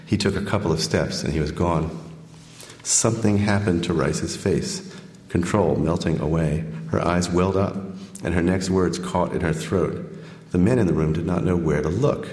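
A man, an author, reading from his book and then taking questions, measured when reading and full of fillers when answering. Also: deep voice, a little mellow. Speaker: author giving a talk. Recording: echoey hall, long reverb.

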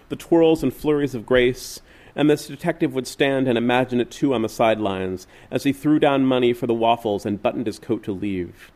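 A man reading literary fiction aloud in a measured, wistful way. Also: mid-range voice, a little mellow. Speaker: reader.

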